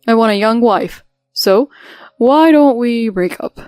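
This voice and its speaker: A woman's voice: a little high, measured pace, darkish tone, clear, resonant tone, dry recording, studio quality, faint music behind, lightly acted. A woman voicing a cold, callous husband who talks in a blunt, dismissive way.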